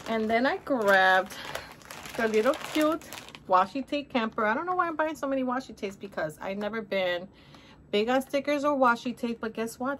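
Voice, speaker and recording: In a casual shopping haul, a middle-aged woman vlogs upbeat in Spanish-accented English, addressing viewers as "honey." Her voice is mid-range, and there's slight background noise.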